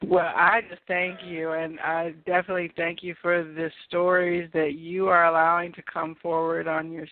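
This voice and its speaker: A woman host closes her show with effusive, unhurried thanks. The sound is dry and tight, squeezed down to a thin, phone-like band. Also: deep voice, dry recording. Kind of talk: internet radio hosting. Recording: dry, tinny phone-quality audio.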